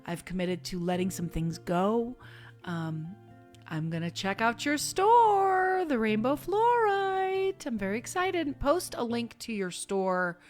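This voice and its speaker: A woman's voice: a little high, expressive, slow pace, soft background music. Chatty woman leading a casual online sermon. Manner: warm, chatty, with bursts of fervent exhortation. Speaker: spiritual minister.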